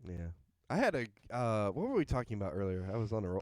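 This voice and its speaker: Lively young man bantering. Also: fairly low pitch, dry recording, clean studio sound. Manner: animated, teasing, quick reactions. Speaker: podcast co-host. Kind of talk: casual chat.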